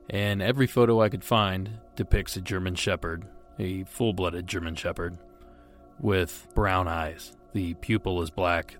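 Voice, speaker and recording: A man with a very low voice hosts a podcast, giving measured, reflective commentary after a listener's call. Faint music plays behind him. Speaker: podcast host. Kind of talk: reading listener stories and commenting.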